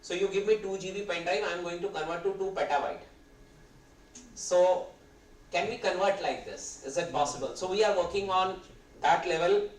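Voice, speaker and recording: An Indian English man in his fifties gives a conversational guest lecture, his voice sitting a little high. His throat is sore, and he wanders between points with a hesitant, rambling delivery. He is picked up from a distance in a reverberant hall with a faint hum of ambience. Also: moderate pace.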